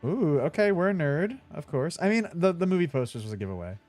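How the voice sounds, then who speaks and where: A man's voice: fairly high pitch, very animated, quick pace, darkish tone, faint music behind. A young man chatting casually while playing a video game, laughing easily and swearing now and then. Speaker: streamer. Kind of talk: casual let's-play commentary.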